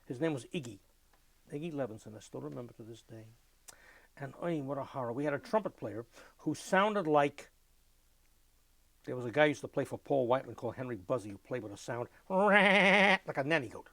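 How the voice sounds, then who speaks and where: An older man giving an oral history interview, telling lively anecdotes and mimicking music with his voice. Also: mid-range voice, brisk, no room sound.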